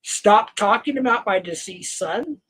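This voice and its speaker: An older man hosting a livestream, scolding a viewer in a heated, halting rant full of restarts. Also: sits high, animated, fairly bright tone, breathy edge, poor audio. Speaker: livestream host. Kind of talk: angry livestream rant to chat.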